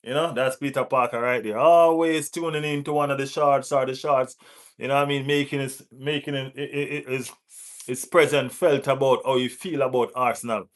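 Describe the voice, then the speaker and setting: A man's voice: mid-range voice, steady tone, fairly quick. Football watch-along host, male, West Indian accent, playful banter with the chat, mid-range voice. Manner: banters, gives shout-outs to chat; teasing rival fans, laughing often.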